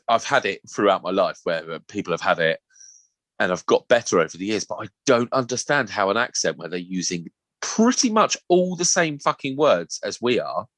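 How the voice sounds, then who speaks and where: A man's voice: lowish voice, a bit bright, dry recording. A young man co-hosting a podcast, ranting with exasperation and swearing. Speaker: podcast co-host. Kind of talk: casual chat.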